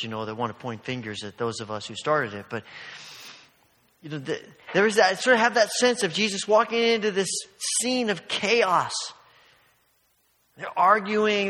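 A man's voice: high-pitched, moderate pace, bright, forceful tone. A man preaching a sermon in a church, telling stories in a conversational way full of asides. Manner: storytelling, conversational, many asides. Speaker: pastor. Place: church sanctuary. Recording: long hall reverb.

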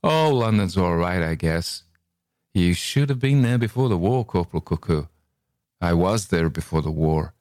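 A battle-worn corporal with a New York accent drawls short, curt answers in a languid way, voiced by a man reading a story aloud. His voice sits very low. It sounds close and dry, with no room around it. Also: animated, normal speed, a little mellow, no room sound. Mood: laconic. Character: curt, weary, scarred American army corporal.

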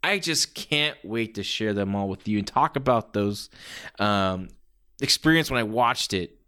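A man's voice: on the low side, expressive, unhurried, sharp tone, clear, resonant tone. A man in his forties hosting a podcast, telling stories in a rambling, enthusiastic way with lots of fillers. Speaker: podcast host. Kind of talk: casual podcast monologue.

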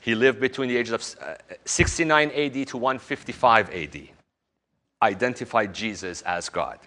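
A man giving a recorded course lecture, teaching in an animated way. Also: fairly low pitch. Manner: animated teaching, slips into exaggerated voices when quoting others.

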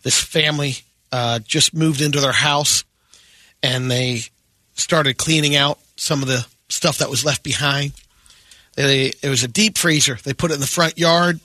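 A male radio news reader running through odd stories in a matter-of-fact, deadpan way. His voice is bright and close, with a dry studio sound. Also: fairly high pitch, measured pace, dry recording. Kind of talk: reading offbeat news stories on air.

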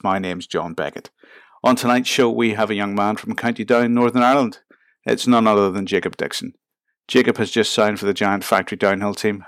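A man's voice: fairly low pitch, creaky, dry recording. Chatty male podcast host, dry sound. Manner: chatty, laughs easily, friendly questioning. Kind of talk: casual podcast interview.

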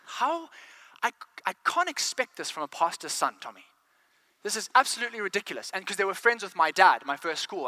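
High, bright-voiced fervent male preacher. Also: dry recording. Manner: fervent, rhetorical questions to the congregation; repeats words as he builds momentum. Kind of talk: sermon.

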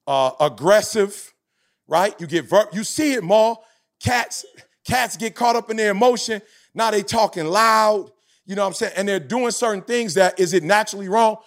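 Brief: man in his 40s, high-pitched motivational speaker, podcast talk with a preaching, emphatic cadence.

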